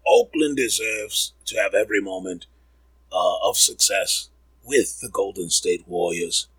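A man's voice: lowish voice, unhurried, fairly bright tone, breathy edge, dry recording, low-quality recording. A man hosting a comedic sports podcast, rambling and riffing with profanity.

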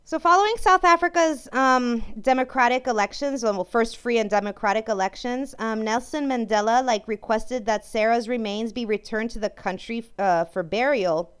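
A woman's voice: fairly high pitch, normal speed, hardly any pauses, clean tone. A woman host ranting in anger, swearing a lot and breaking off mid-sentence as she talks. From France. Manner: angry, profane ranting. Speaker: podcast host. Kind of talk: ranting monologue.

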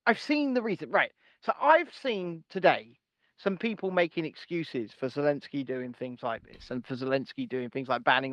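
Excitable high-voiced man co-hosting. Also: no room sound, lo-fi sound. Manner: swearing, jokey, excitable. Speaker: podcast co-host. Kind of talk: casual banter. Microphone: home podcast mic with noise gate.

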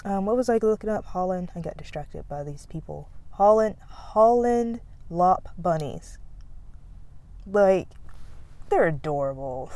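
A young woman hosts a casual podcast chat outdoors near a road, rambling off on tangents, laughing, and losing her words. Her voice is lowish, warm, and animated, and she speaks unhurriedly.

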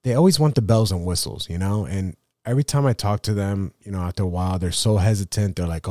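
A man's voice: sits low, quick pace, hardly any pauses, darkish tone, no room sound, clean studio sound. A man hosting his own photography podcast, talking in a rambling, self-deprecating way with many fillers and restarts. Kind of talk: casual solo podcast monologue.

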